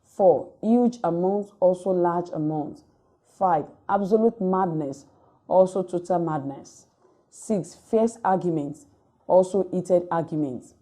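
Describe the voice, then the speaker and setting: Slow, mellow-voiced woman lecturer. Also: lowish voice. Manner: reads word lists item by item in a measured, dictating way. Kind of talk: recorded distance-learning lecture.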